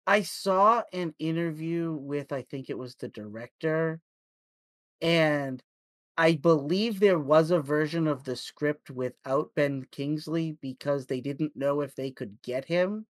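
Animated podcast storyteller. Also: mid-range voice, measured pace, no echo. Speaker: podcast guest. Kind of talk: casual podcast chat.

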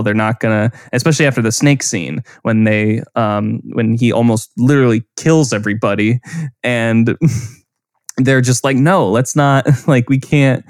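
Guy hosting a movie chat, dry close sound, lively and chatty. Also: mid-range voice, dry recording. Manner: animated, quotes film lines in put-on voices. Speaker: podcast host. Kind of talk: casual film discussion.

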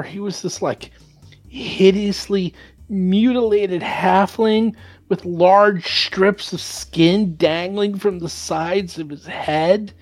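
A man voicing a terrified blinded male prisoner who stammers and breaks into high, pleading cries. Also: a little mellow. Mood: frightened.

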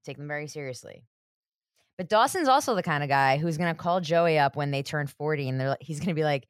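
A woman's voice: low voice, lively intonation, fast talker, smooth, no room sound. A woman co-hosting a podcast, chatting casually with dry, sarcastic jokes. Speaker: podcast co-host. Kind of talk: casual chat.

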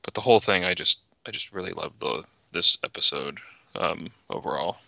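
Gravelly low-voiced man talking shop. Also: brisk, sharp tone, no echo, highs cut off. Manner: explains production details with many fillers. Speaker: podcast co-host. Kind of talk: casual podcast chat.

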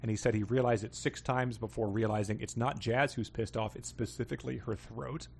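A man's voice: mid-range voice, steady tone, fairly quick, creaky, darkish tone, breathy edge. A man hosting a podcast, casually and wryly reading out listener emails and submissions, with plenty of fillers. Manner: wry, amused, with frequent fillers. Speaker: podcast host.

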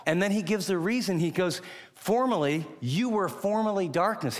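Man pastor preaching, punchy and emphatic, slightly high voice, big reverby hall. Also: animated. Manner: emphatic, pausing on key words. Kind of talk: sermon.

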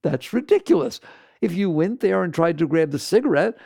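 A man's voice: high-pitched, animated, fairly quick, vocal fry, mellow, no echo, clean studio sound. A man giving a spoken teaching to an audience, emphatic and rhetorical, often checking in with his listeners. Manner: tells stories and acts out other people's lines. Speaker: spiritual teacher.

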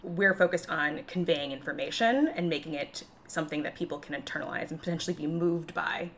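A young woman with a Chicago accent and a bright, clear tone co-hosts a casual book podcast. She talks quickly, with a slightly low voice, and a faint hiss sits in the background. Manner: fast-talking, laughs often. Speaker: podcast co-host.

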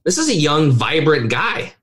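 A middle-aged man, a health coach, talking in a casual podcast interview with animated, persuasive storytelling. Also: on the high side, moderate pace.

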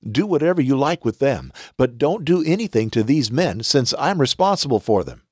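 A man's voice: mid-range voice, very animated, normal speed, husky, no room sound, studio quality, pitched above the performer's own voice. A man reading the part of a worried male host in scripture, urgent and pleading. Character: anxious male host protecting his guests.

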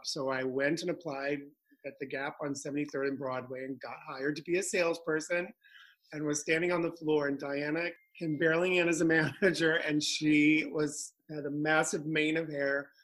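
A man around sixty from South Texas, a guest telling old stories and acting out the voices of people in them. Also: a little high. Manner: lively storyteller who acts out quotes. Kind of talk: anecdotal storytelling.

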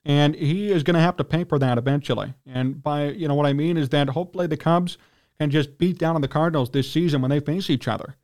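A man hosting a sports talk radio show, ranting indignantly in a heated monologue and often clearing his throat. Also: a little high, quick pace, a little mellow.

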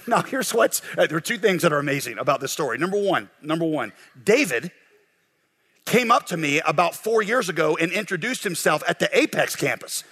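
Man, pastor, sermon, animated storyteller, fairly high voice, swinging pitch. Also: brisk, husky. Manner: animated storyteller, acts out shouted quotes.

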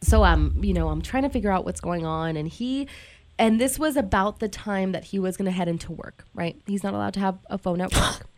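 A woman's voice: medium pitch, a little fast, a little mellow. A woman in a studio, candidly telling an emotional personal story with lots of "like" and restarts. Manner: candid, heavy use of "like" and restarts. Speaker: guest telling her story. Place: radio studio.

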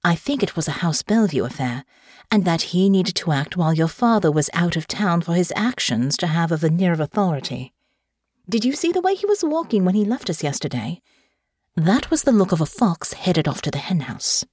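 A woman voicing a smooth scheming noblewoman. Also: lowish voice, sing-song, brisk, a little mellow, no room sound. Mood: dry. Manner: smooth, dry, persuasive.

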